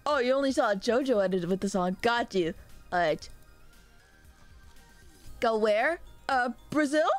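A young woman from Mexico streaming and chatting loosely with viewers, loud and rambling, often laughing at herself. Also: on the high side, animated, soft background music. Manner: loud, rambling, self-mocking, quick laughs. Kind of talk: casual live-stream chat with viewers.

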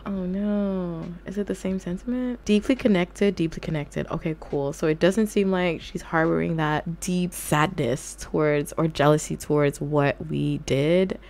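A young adult woman giving casual let's-play commentary, animated and often laughing as she talks to her viewers. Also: fairly low pitch, unhurried, hardly any pauses. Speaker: gaming YouTuber.

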